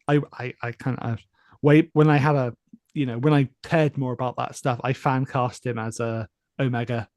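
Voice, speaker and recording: Dry-voiced excitable man on a podcast. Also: medium pitch, no room sound. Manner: excitable, swears freely, rambling restarts. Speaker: podcast co-host. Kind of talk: casual fan podcast chat.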